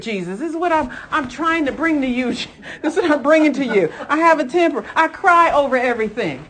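A woman preaching a sermon in a lively, chatty way, often laughing and calling her listeners folks and honey. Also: high-pitched, a little fast, hardly any pauses, a little hiss or hum.

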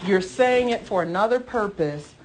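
A woman's voice: medium pitch, expressive, normal speed, a little mellow, slight background noise. Earnest woman leading a Bible study. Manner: earnest, repeats phrases, laughs often. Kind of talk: casual group Bible study discussion.

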